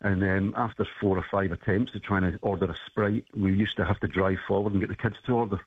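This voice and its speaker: A man calling in to a radio show, reminiscing casually with a husky voice and frequent hesitations. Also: sits low, fairly even intonation, fast, slight background noise. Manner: reminiscing, hesitant with many ums. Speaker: caller. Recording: tinny phone line.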